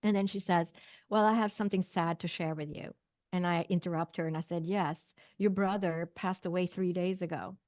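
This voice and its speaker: A woman's voice: lowish voice, steady tone, moderate pace, darkish tone, no room sound, studio quality. A middle-aged woman from Sweden, a podcast guest telling a personal story with lots of fillers and acted-out quoted dialogue.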